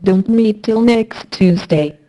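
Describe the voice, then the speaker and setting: A synthesized computer text-to-speech voice with flat, robotic delivery, played over speakers. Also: mid-range voice, slow, lightly acted, poor audio.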